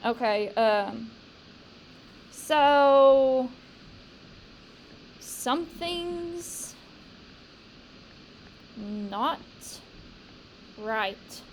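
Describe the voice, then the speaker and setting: A woman teacher leading a poetry discussion with a class, talking slowly and emphatically and asking the students questions. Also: sits high, slight background noise, poor audio.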